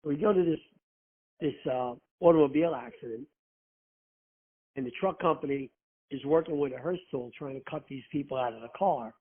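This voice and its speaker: A man's voice: mid-range voice, brisk, long pauses, slightly rough. A man who was a rescue firefighter, telling profane anecdotes in casual chat and acting out the quotes. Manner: profane, animated storyteller who acts out quotes. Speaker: guest, former rescue firefighter. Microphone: phone. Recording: tinny phone line.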